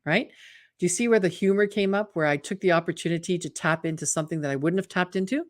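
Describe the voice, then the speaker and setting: A woman coaching on a live webinar, lively and chatty, often checking in with her audience. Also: on the low side, brisk. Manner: lively, acts out imagined inner voices in quotes; chatty, asks the audience "right?". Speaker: mental fitness coach hosting a webinar.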